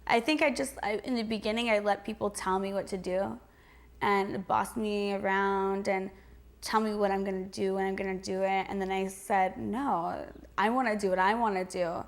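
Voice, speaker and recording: A woman's voice: mid-range voice, level tone, normal speed. Chatty, giggly young woman. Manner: chatty, lots of "like" and restarts, giggly. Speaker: interview guest. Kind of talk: casual interview answers.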